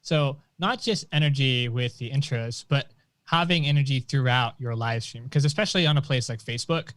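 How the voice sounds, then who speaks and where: A man co-hosting a casual chat about streaming, speaking thoughtfully with pauses. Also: mid-range voice, a bit bright, dry recording. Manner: thoughtful, with fillers and restarts. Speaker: co-host.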